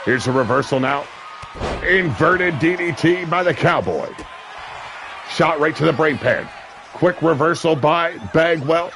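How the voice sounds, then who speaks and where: A man calling a wrestling match play-by-play, brash and crude, with sudden shouted bursts of excitement. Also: a little high, unhurried, background noise. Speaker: wrestling commentator. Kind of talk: play-by-play commentary. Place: seated at a ringside commentary table.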